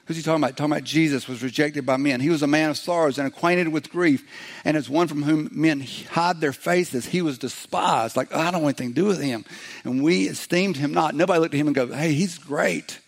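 Male pastor, middle-aged, gravelly, a bit high-pitched, chatty sermon delivery. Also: a little fast. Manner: conversational preaching, acts out little quoted voices.

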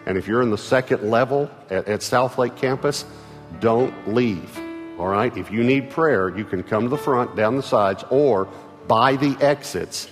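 A man with a Texan accent preaching a sermon as pastor, earnest, repeating words, moving from loud calls to hushed lines. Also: mid-range voice, a little slow. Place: large church auditorium. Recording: large hall reverb with soft music.

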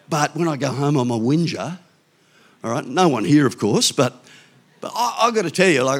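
Older male pastor, conversational sermon, frequent restarts and asides. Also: mid-range voice.

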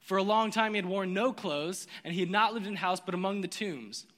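High, bright-voiced man preaching animatedly. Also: brisk, in a large hall. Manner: animated storytelling, acts out voices. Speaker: pastor. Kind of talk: sermon.

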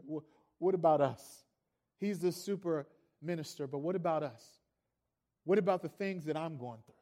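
Man preaching, high voice, storytelling sermon, rises to loud fervent peaks. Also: normal speed, long pauses. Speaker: pastor.

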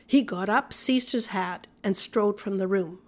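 A woman reading an old-fashioned story aloud in a measured, even storytelling manner. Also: mid-range voice. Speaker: audiobook narrator. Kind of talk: scripted narration.

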